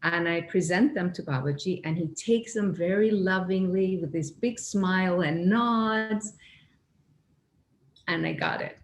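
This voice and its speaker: A woman telling a personal spiritual story in an earnest, animated way, acting out her own inner voices. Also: on the low side, unhurried, a little hiss or hum. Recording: echoey room with faint ambience.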